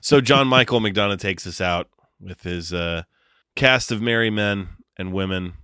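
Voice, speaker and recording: A man co-hosts a casual movie-review podcast in a very deep voice. He talks in a sardonic, offhand way and swears freely. The sound is dry and close. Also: unhurried, sharp tone, smooth, no room sound. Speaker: podcast co-host.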